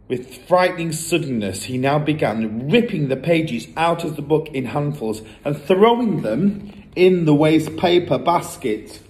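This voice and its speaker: A man reading a children's book aloud in an expressive, lively storytelling manner. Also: a little high, measured pace.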